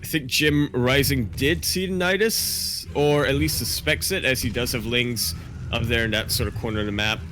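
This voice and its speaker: A man casting a live strategy game match, giving play-by-play with excitable, jokey banter. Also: mid-range voice, normal speed, slight background noise. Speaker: esports caster.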